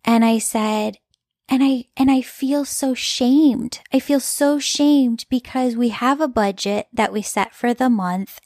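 A woman's voice: fairly high pitch, a little mellow, no echo, clean studio sound. A woman telling an emotional personal story as a mother in an earnest, heartfelt, confessional way.

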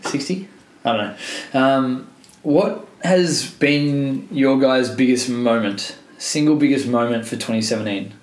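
Playful man hosting a podcast in an echoey room. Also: medium pitch. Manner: playful, teasing, quick to laugh. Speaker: podcast host. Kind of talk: casual group chat. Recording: echoey room with faint noise.

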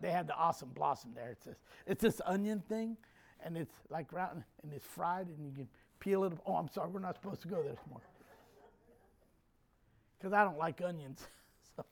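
A male pastor preaching a sermon to his church, animated, swinging from quiet jokey asides to loud shouts. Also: on the high side, fairly quick, creaky.

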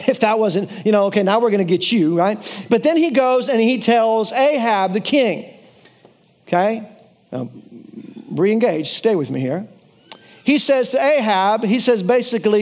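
A man preaching a sermon, telling the story in a lively way with playful asides to his congregation and repeating key phrases for emphasis. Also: extremely high pitch.

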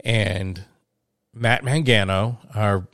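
A man's voice: on the low side, steady tone, very slow, creaky, a bit bright, no room sound, studio quality. A man telling a story in casual chat, rambling with fillers and restarts.

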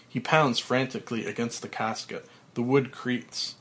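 A man, a podcast host, reading a script's stage directions aloud in a steady, matter-of-fact way, with small slips. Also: medium pitch, normal speed.

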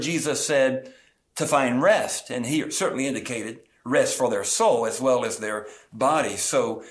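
A middle-aged man, a pastor, preaching a sermon in an earnest way, stretching key words slowly for emphasis. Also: a little high, fairly bright tone.

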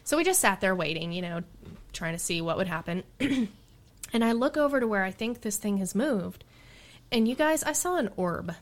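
A middle-aged woman, a Bigfoot researcher, telling a story in casual chat, animated and exasperated, laughing now and then. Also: medium pitch, moderate pace.

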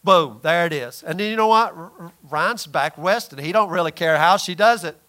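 A man's voice: high voice, normal speed, pushed and bright. A man preaching a sermon in a conversational, emphatic way, often acting out quoted voices.

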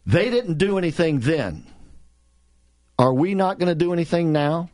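A man's voice: on the high side, animated, moderate pace, pauses often, darkish tone. A man hosting political talk radio, speaking in a sarcastic, heated way with many restarts and repeated words.

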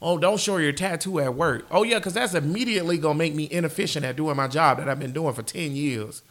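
A man hosting a podcast in casual chat, animated and profane. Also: fairly high pitch, fast. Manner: animated, profane, laughs often. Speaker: podcast host.

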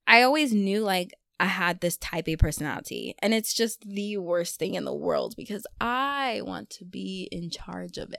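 A young woman talking straight to her viewers in a casual confessional chat. She is animated and self-deprecating, and her voice sits at an ordinary middle pitch. The sound is dry and close, with no room echo. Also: creaky. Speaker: vlogger.

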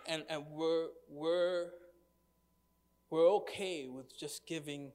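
A man's voice: on the high side, fairly even intonation, slow, pauses often, a little mellow. Man preaching in a reverberant church. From United States. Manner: conversational preaching, asks the congregation questions. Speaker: pastor. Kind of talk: sermon.

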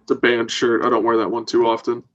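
A man's voice: medium pitch, level tone, fast talker, fairly bright tone, highs cut off. A laid-back man chatting casually as a podcast co-host, laughing easily. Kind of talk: casual chat.

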